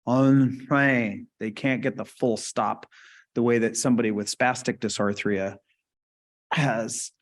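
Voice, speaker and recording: A man's voice: on the low side, fairly even intonation, measured pace. A man giving a conversational lecture in a webinar, casually explaining and often checking in with "right?" and questions to the audience. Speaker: webinar presenter.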